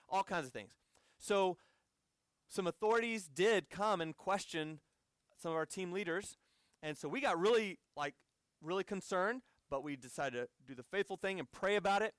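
High-voiced American man preaching. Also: fairly bright tone, smooth, dry recording, studio quality. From United States. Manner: conversational storytelling with asides to the audience. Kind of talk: sermon.

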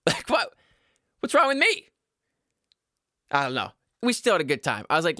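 A man's voice: on the high side, wildly swooping pitch, measured pace, pauses often, pushed and bright, dry recording, clean studio sound. A man in his twenties rambling crudely at home to his viewers, often laughing at his own jokes and stumbling over his words. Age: 20s. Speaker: vlogger giving dating advice. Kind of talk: casual rambling monologue to camera.

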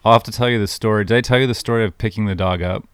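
A man's voice: lowish voice, rapid-fire, clear, resonant tone, no echo. A man co-hosting a podcast who tells stories in a dry, matter-of-fact way. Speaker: podcast co-host. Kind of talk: casual storytelling.

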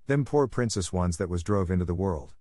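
A man voicing a tearful young scullery maid speaking in rough servant grammar. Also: deep voice, animated, a little fast, warm tone, dry recording, clean studio sound. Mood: wailing. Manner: ungrammatical servant speech, wailing.

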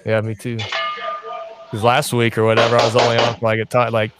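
A man's voice: medium pitch, monotone, fairly quick, heavy background noise. A man joining a casual group chat over a video call, telling his news plainly and evenly.

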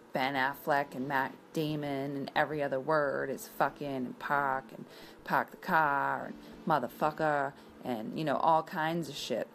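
A woman's voice: low-pitched, a little hiss or hum, low-quality recording. A woman in her thirties from the area, chatting casually and bluntly, rambling and swearing now and then. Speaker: vlogger presenting a coloring page. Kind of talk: casual chat.

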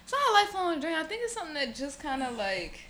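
Lively high-voiced woman podcast host. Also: racing, slight background noise. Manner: candid, profane, lively banter. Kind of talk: casual chat.

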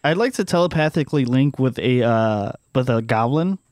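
A man playing a tabletop game, halting and hesitant, restarting his sentences. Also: mid-range voice, lively intonation, a little mellow, dry recording, clean studio sound. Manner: hesitant, lots of uhs, restarting. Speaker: player. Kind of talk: tabletop game play, casual.

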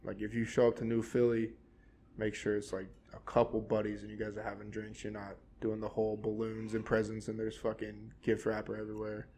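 A man's voice: fairly low pitch, a little fast, slight background noise. A man chatting casually on a podcast, full of fillers. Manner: relaxed, many fillers. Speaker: podcast guest. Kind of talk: casual chat.

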